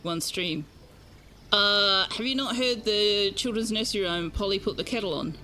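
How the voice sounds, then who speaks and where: A woman's voice: mid-range voice, normal speed, sharp tone. An Australian woman streaming a game, chatting casually with her viewers and enunciating carefully. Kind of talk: casual gaming stream chat.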